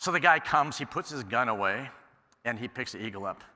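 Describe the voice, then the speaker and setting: A man giving a conference keynote, telling stories in an animated way and acting out the dialogue. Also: mid-range voice, a little fast. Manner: animated storyteller, acts out quoted exchanges. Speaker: keynote speaker. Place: large conference hall. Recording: echoey hall sound.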